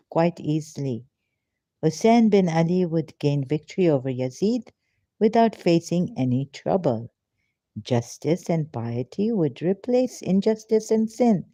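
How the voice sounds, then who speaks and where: A woman's voice: fairly low pitch, mellow, no room sound. A woman reading a religious text aloud and breaking off with emotional, pleading rhetorical questions. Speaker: ex-Muslim commentator. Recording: dull, lo-fi, dry sound.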